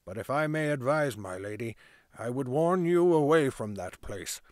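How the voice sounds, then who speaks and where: A stern town constable, formal and clipped in every order he gives, as a man reads him out. His voice sits at an ordinary male pitch, dry and close with no room around it. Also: expressive, normal speed, darkish tone, no echo, natural voice. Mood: warning.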